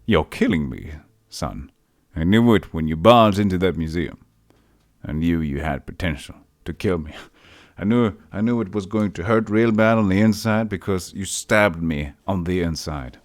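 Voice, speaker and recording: A man voicing a chuckling, grieving and treacherous male town mayor in a low, hushed, brooding way. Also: expressive, normal speed, no echo, clean studio sound. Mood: menacing.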